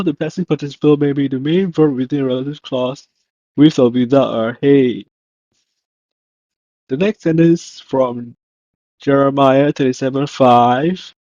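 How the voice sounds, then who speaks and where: A man teaching a recorded language lesson, slow and deliberate, carefully repeating each word he pronounces. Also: mid-range voice, darkish tone, dry recording. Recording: dull, dry lo-fi audio.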